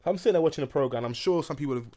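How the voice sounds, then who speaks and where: Fast-talking podcast host. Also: male voice, a little high, warm tone. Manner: laid-back, banter-heavy, swears freely. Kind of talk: casual podcast chat.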